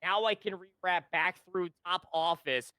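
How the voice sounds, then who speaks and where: A man's voice: high voice, measured pace, pushed and bright, clear, resonant tone, no echo. A man giving live esports color commentary, chatty and rambling, with lots of fillers as he breaks down plays. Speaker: esports caster.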